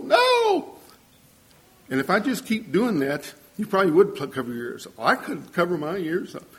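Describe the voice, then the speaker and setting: Older male preacher, slightly high voice, earnest storyteller who acts out quoted voices in his sermon.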